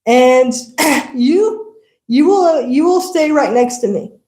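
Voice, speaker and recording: A woman voicing a calm, soothing male god who makes promises. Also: high voice, slow pace, echoey room.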